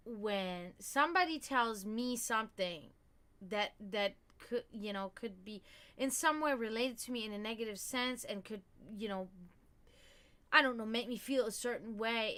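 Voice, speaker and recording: Bright, outspoken woman chatting on stream. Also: fairly high pitch. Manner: candid, profane, rambling with many fillers. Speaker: livestream host. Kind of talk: casual livestream chat.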